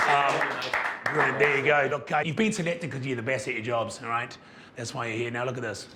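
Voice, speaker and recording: A man with a New Zealand accent co-hosting a comedy show, delivering laconic, mumbled deadpan asides. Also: medium pitch, fairly quick, over a noisy crowd, heavy background noise.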